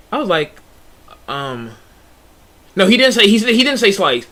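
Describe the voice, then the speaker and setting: A young man streamer telling a story in a casual, animated way, full of slang and restarts. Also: high-pitched, moderate pace, pauses often.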